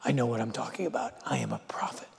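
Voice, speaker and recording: A preacher voices a calm runaway prophet, lower and quieter than his own voice. The voice is steady and gravelly, with long reverb behind it. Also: quick pace. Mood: resigned.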